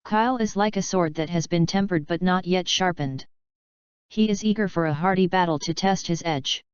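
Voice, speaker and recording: A woman reading a fanfiction audiobook aloud in a steady, even narration. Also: fairly low pitch, normal speed, clear, resonant tone, no echo, highs cut off. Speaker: audiobook reader. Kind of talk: scripted narration.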